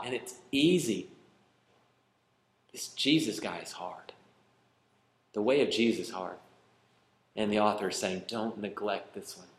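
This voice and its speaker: A male pastor preaching a sermon, pleading and emphatic, swinging from loud, high emphasis to quiet, low asides. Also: measured pace, long pauses, echoey room. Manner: pleading, rising to emphatic then dropping quiet.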